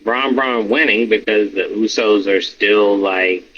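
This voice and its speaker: A man co-hosting a podcast, talking casually and animatedly, swearing a lot and acting out reactions in high yelps. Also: a little slow, fairly bright tone. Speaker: podcast co-host. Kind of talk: casual wrestling chat. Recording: slightly dull with faint noise.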